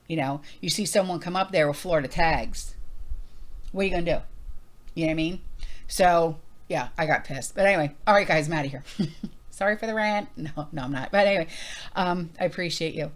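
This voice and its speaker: Animated woman ranting to her viewers. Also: fairly low pitch, fairly quick. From New Jersey. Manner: animated, emphatic storytelling with many fillers. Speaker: prepping channel host. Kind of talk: casual rant to viewers.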